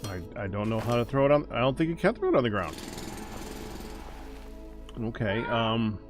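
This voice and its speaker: A man hosting a stream, chatting casually while gaming, with halting restarts and fillers. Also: medium pitch, animated, over music. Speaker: streamer host.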